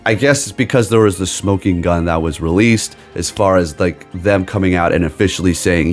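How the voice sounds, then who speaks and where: A man's voice: deep voice, lively intonation, moderate pace, soft background music. A man on a gaming video channel, rambling emphatically in a casual rant with sarcastic asides. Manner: rambling, emphatic, keeps tagging "okay?". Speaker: gaming YouTuber.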